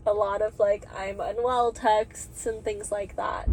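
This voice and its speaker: A woman's voice: mid-range voice, very animated, takes it slowly, a little mellow. Candid young woman vlogging, noisy background. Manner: candid and emotional, many fillers like "like". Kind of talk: casual vlog talk.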